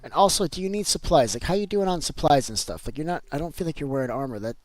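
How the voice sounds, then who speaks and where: A man's voice: fairly high pitch, lively intonation, fast talker, no echo. A man chatting casually with viewers on a live game stream, answering chat and repeating himself as he talks.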